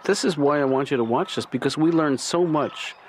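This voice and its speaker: A man voicing a cartoon therapist, soft-spoken, deadpan, calm. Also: on the high side, brisk, a little hiss or hum, natural voice. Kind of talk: cartoon dialogue.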